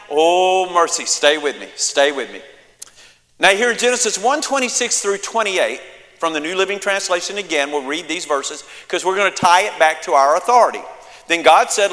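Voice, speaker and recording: A man's voice: sits high, sharp tone, big-room sound. A man preaching a sermon as pastor, emphatic, with repeated phrases and calls for an amen from the congregation. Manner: emphatic preaching with repetition and call-and-response.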